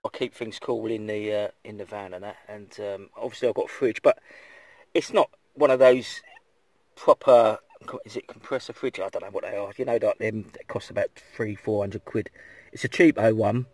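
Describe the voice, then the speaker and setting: A man's voice: lowish voice, steady tone, normal speed, darkish tone, no room sound. A middle-aged man, chatting and rambling as he vlogs from his campervan, swearing now and then. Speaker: campervan vlogger. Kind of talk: casual rambling vlog chat. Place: outdoors by a campervan in the sun.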